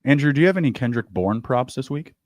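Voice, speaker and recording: A man co-hosting a sports betting show, laying out player props and teasing his co-host in quick banter. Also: mid-range voice, lively intonation, a little mellow, no echo. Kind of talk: casual sports betting chat.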